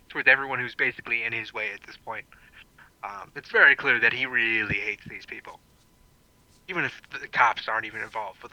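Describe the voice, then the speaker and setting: A man's voice: mid-range voice, pushed and bright, poor audio. A man playing a tabletop role-playing game, describing his character casually and swearing a lot. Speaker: player.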